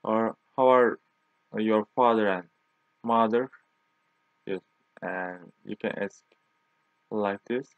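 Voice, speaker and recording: Slow-talking young man with a tinny sound. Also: lowish voice, no echo. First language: Turkish. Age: young adult. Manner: repeats words slowly, non-native English. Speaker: language teacher. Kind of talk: slow language lesson. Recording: tinny phone-like audio.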